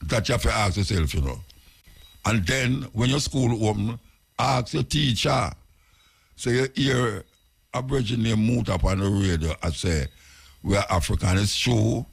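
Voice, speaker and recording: A man's voice: lowish voice, normal speed, vocal fry, breathy edge. A man with a Jamaican accent hosting a radio talk, lecturing through rhetorical questions. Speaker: radio host.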